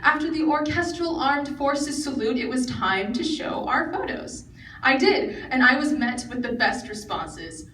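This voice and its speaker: A teenage girl delivers a prepared speech with earnest care. Her voice sits a little high and carries around a large, echoing hall, picked up from a distance with a faint hiss underneath. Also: expressive, unhurried, a bit bright. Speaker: student speaker. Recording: echoey hall recorded from afar, faint noise.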